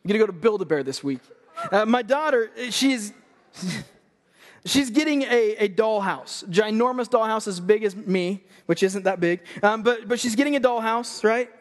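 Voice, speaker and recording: A man in his thirties preaches from a church stage with a strikingly high voice. He talks to the crowd in a chatty, energetic way, breaking into jokes. The sound rings with a long hall reverb. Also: moderate pace. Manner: energetic, joking, conversational. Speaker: youth pastor. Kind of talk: sermon.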